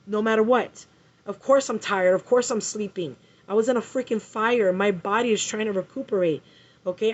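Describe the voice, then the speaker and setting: A woman's voice: mid-range voice, darkish tone. A woman telling an angry story in a vlog, swearing and repeating herself as she vents. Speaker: vlogger. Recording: muffled lo-fi recording.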